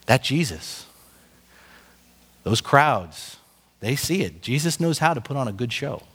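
A man preaching a sermon as pastor, conversational and animated, acting out little asides for his congregation. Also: medium pitch, measured pace, long pauses, husky, in a large hall.

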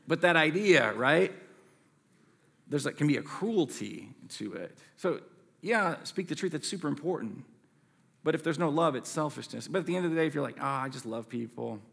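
A man preaches a sermon in a loose, conversational style, often tossing in quick asides and checking in with his listeners. His voice sits on the low side, with a husky edge and a gravelly crackle. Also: a bit bright. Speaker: pastor.

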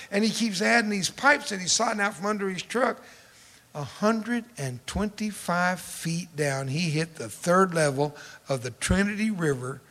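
An older man spinning a humorous folksy yarn and acting out every voice in it. His voice sits a touch higher than most men's and carries a long echo from a large hall. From Texas. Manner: animated, acts out dialogue. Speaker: storyteller speaker.

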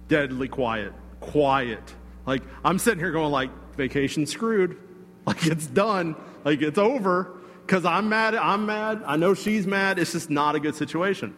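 A man preaching a sermon, telling a personal story in a conversational, animated way with asides to the congregation. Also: a little high, big-room sound, slight background noise. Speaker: pastor.

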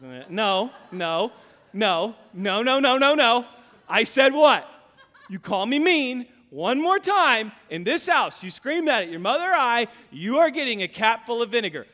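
High-voiced male pastor preaching in a hall. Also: expressive, normal speed. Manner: storytelling, acting out his son, rising to shouted appeals. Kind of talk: sermon. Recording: long hall reverb.

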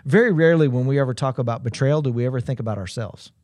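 Man, deliberate reflective delivery, Christian talk show, dry sound, medium pitch. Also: darkish tone, dry recording. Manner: reflective, slow and deliberate, playful asides. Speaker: co-host of a faith livestream. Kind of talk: conversational Christian teaching.

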